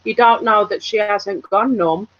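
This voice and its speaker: A woman guest talks through her thoughts in a casual discussion, leaning on "like" and "you know." Her voice sits at middle pitch and comes through on dull, muffled lo-fi audio. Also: measured pace, fairly bright tone. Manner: chatty, hedges with "like" and "you know". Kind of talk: casual talk-show discussion.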